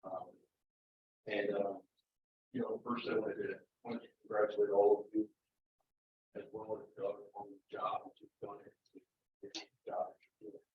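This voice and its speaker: A hesitant man speaks in a low voice, heard from a distance across a roomy meeting hall. The audio is dull and lo-fi, with a faint hiss underneath. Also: completely flat delivery, moderate pace, long pauses. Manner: hesitant, with fillers and restarts. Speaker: candidate. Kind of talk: interview statement. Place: township meeting room.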